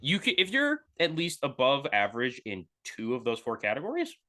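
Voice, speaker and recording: A man on a sports podcast whose pitch jumps all over as he rambles, trailing off and restarting thoughts. His tone is bright and forward. The talk is loose and casual. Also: huge pitch swings, brisk. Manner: rambling, many fillers and restarts. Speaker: podcast co-host.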